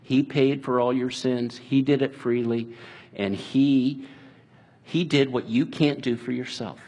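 A man preaching a sermon in an earnest, conversational way, dropping soft and slow at times. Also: mid-range voice, steady tone, slightly rough. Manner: earnest, conversational preaching with restarts and quiet, slowed passages. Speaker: pastor.

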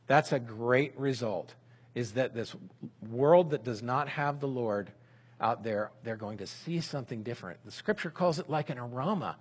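A man giving a sermon in a relaxed, conversational way, speaking example prayers aloud as he teaches. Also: medium pitch, normal speed, husky. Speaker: pastor.

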